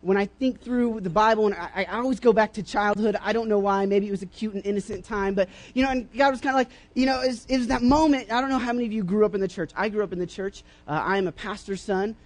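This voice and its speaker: A young man giving a casual sermon in a church, rambling through personal stories with many restarts and fillers, and bursting into loud acted-out voices. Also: high voice, steady tone, fast talker, few pauses. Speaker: preacher.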